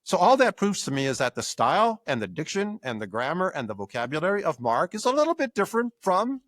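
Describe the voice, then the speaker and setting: Animated older man explaining scholarship. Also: high-pitched, fast, no room sound. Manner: animated explainer acting out examples. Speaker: guest scholar. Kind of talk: academic interview explanation.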